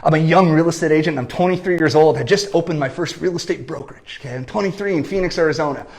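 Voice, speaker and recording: High-pitched energetic man coaching. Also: fast, vocal fry. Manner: animated, keeps adding "okay?" and "right?". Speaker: business coach. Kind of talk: energetic marketing talk. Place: lives in San Diego.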